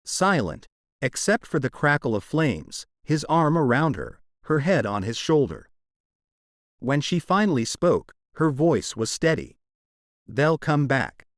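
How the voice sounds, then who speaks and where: Expressive male audiobook narrator. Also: a little high, unhurried, dry recording, studio quality. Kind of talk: scripted romance audiobook narration.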